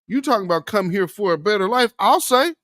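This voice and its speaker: A man's voice: high-pitched, expressive, fairly quick, a bit bright, dry recording, clean studio sound. A man hosting a political commentary vlog, impassioned and preachy, calling his viewers family and brother. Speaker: commentary channel host.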